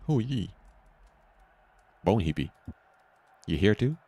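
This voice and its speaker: A man's voice: lowish voice, very animated, slow pace, dark tone, slightly rough, full character voice. A man voicing a blunt male rebel character who talks in broken English, dropping small words. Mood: excited.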